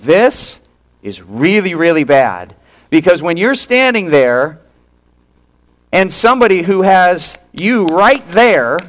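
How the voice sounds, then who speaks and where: A male pastor with a voice on the high side retells a story during his sermon. He acts out quotes with animation and drops into a hush for emphasis.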